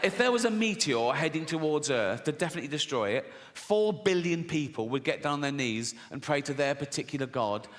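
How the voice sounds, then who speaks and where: A man's voice: on the high side, fairly bright tone. A middle-aged man doing a stand-up comedy set, sardonic and sweary, laughing at his own jokes. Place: large theatre stage. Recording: live hall reverb, faint noise.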